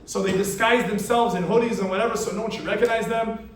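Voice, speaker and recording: A male rabbi giving a storytelling sermon at a weekly class, talking in an animated, conversational way with asides to his listeners. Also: sits high, fast, slight background noise. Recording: echoey hall from far off.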